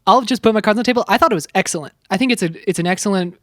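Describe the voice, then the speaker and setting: A man's voice: high voice, very fast, fairly bright tone, no room sound, studio quality. A man co-hosting a podcast in casual chat, earnest and enthusiastic, with small stumbles. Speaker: podcast co-host.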